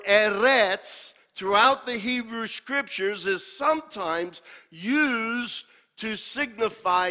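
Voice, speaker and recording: A man delivers a sermon with a high-pitched voice, slow and measured. He repeats key words and asks the congregation to join in. The sound rings with long reverb from a large hall. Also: sharp tone. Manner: calls for congregation responses. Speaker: preacher. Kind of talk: sermon teaching with scripture.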